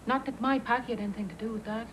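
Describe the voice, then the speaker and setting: An actress playing a wary widow who answers the police curtly and with bitterness. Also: female voice, a little high, fairly even intonation, racing, a little hiss or hum, natural voice, low-quality recording. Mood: bitter. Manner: curt, tight-lipped, then bitter.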